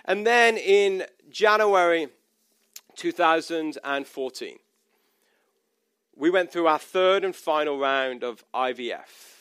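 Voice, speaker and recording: A man's voice: on the high side, slow, fairly bright tone, clear, resonant tone, no room sound, studio quality. A pastor in his thirties preaching a personal, conversational sermon, often restarting his sentences.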